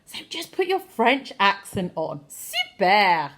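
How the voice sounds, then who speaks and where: Woman, French teacher, fairly high voice, very animated pitch, expressive, playful. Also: unhurried. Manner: lively, expressive, playful overacting of phrases. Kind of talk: online language lesson.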